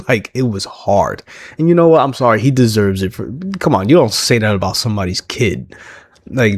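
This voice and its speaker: A man's voice: mid-range voice, dry recording, studio quality. A man casually recapping a wrestling show on his own, chatty and laughing often as he acts out what the wrestlers said.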